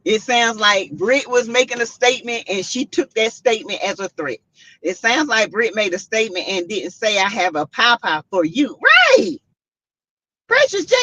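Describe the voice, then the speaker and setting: A woman hosting a casual commentary stream, reading out chat comments and making her points with animated, repetitive emphasis. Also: a little high, dry recording. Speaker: host. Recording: dull lo-fi sound.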